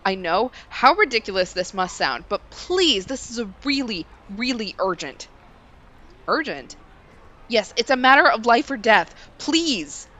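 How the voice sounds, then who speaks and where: A man's voice: sits high, very animated, a little slow, pushed and bright, voice pushed up, full character voice. A woman voicing a desperate begging man. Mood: pleading. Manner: pleading, earnest, begging. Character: desperate pleading young man.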